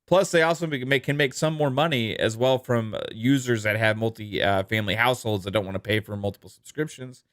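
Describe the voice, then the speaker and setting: A relaxed man co-hosting a casual gaming podcast, thanking viewers and riffing on news at an easy pace. His voice sits in a middle register and sounds close and dry, with no room around it. He fills pauses with ums and chuckles often. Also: medium pitch, no echo. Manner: laid-back, laughs easily, many ums and uhs. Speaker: podcast co-host. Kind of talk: casual podcast chat reading super chats.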